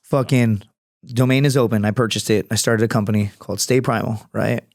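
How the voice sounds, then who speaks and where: A man's voice: on the low side, steady tone, brisk, a little mellow, no echo, studio quality. A man talking as a podcast guest, in a casual, profane, storytelling manner. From United States. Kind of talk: casual interview chat.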